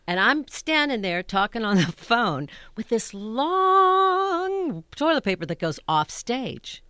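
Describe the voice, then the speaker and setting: An older woman, a stage actress, telling funny backstage stories in an animated, laughing way that keeps interrupting itself. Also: mid-range voice, normal speed, smooth, no echo. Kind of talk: anecdotal storytelling.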